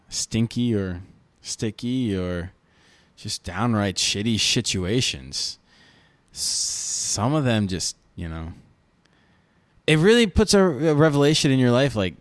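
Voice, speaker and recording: A man's voice: mid-range voice, no room sound. A man, co-hosting a casual podcast, emphatic and swearing, often repeating himself. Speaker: podcast co-host. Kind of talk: casual chat.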